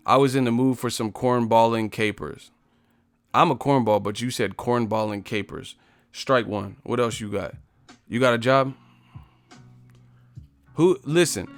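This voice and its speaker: A man hosting a live stream, confrontational and profane as he roasts the commenters in his chat. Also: mid-range voice. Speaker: livestream host.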